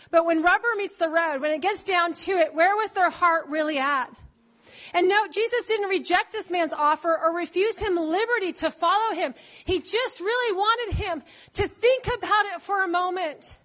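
A woman preacher with a very high voice delivers a lively sermon in an easy, conversational way. She teases the congregation playfully between her points. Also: moderate pace.

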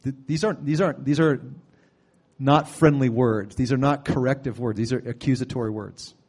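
A man preaching a sermon, retelling a story in a conversational way with sudden loud bursts. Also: medium pitch, moderate pace.

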